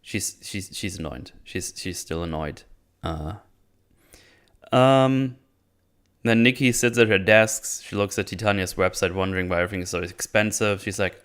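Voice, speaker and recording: A man's voice: deep voice, moderate pace, a bit bright, clean tone. A man hosting a casual episode recap, blunt and sarcastic, swearing and restarting his sentences. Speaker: YouTube show host.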